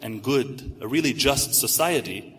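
A man's voice: medium pitch, a little slow, a bit bright, lightly acted. A man reading as a scheming old devil. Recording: echoey hall reverb.

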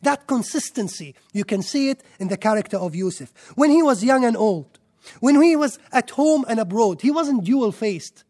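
A man's voice: very high voice, animated, moderate pace, a little mellow. A man giving a sermon in an emphatic way, stacking up lists and rhetorical questions. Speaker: preacher.

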